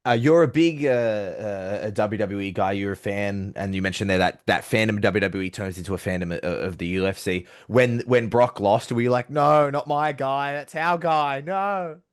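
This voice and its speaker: A man's voice: lowish voice, brisk, few pauses. A man interviewing a fighter, asking questions in a playful, teasing way. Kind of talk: casual interview.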